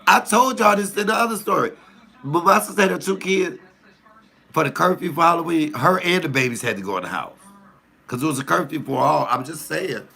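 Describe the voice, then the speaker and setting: Sex: man. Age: 50s. Style: casual comic storytelling, gravelly and bright, animated, with high loud outbursts. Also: fairly quick. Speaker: comedian storyteller.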